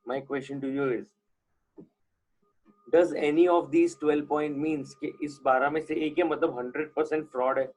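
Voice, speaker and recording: A man's voice: fairly high pitch, darkish tone, rough recording. A man with an Indian accent teaching an accounting class online, switching between English and Hindi and often checking whether students follow. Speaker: accounting lecturer. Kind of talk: live online lecture.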